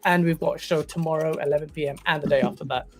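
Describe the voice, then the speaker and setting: A man's voice: fairly high pitch, fairly even intonation, very fast, over music. A man hosting a live gaming stream, thanking his guests and plugging the channel. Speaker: host.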